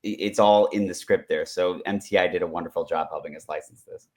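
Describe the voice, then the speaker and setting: A man's voice: low-pitched, steady tone, brisk, darkish tone. A man, a writer, talking eagerly in an interview, rambling with many restarts. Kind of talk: interview conversation.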